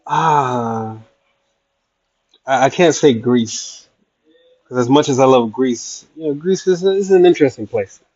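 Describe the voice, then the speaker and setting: A man's voice: medium pitch, unhurried, long pauses, a little mellow, dry recording, highs cut off. A man on a casual travel livestream, chatting playfully as he answers viewers' questions. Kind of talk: casual livestream chat reading comments. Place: traveling in Iraq.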